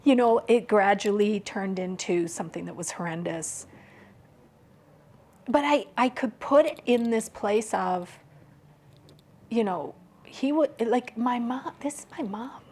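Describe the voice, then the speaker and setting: A woman speaking as a podcast guest in an open, personal conversation. She talks softly and haltingly and often drops to a hushed near-whisper. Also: a little high, animated.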